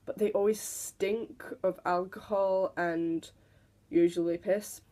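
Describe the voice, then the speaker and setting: A woman's voice: fairly low pitch, fairly even intonation, takes it slowly, dark tone. Chatty teen girl vlogger. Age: teens. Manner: chatty, giggly, mimics people in quoted voices. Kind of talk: casual storytelling to camera.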